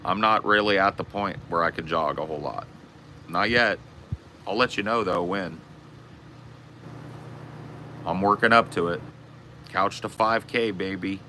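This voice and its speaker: A man's voice: low voice, measured pace, long pauses, pushed and bright, a little hiss or hum. A man from the US West Coast ranting on his livestream, brash, profane and trash-talking. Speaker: streamer. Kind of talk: casual livestream rant.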